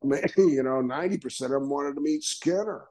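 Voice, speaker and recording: A man in his sixties tells stories from his career as an interview guest. His voice has a husky, slightly rough edge, and he slips into other people's voices as he talks, laughing along the way. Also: fairly high pitch, a little fast, rough recording. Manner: animated storyteller, acts out quoted voices, laughs often. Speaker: guest, retired wrestler. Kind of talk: storytelling interview.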